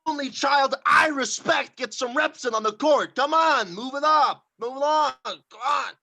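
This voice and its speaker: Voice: sits high, unhurried, vocal fry, bright, forceful tone, full character voice. An actor playing a sports-obsessed suburban dad in an amateur comedy sketch, with a brash, bossy coaching tone. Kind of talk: amateur comedy sketch over video call.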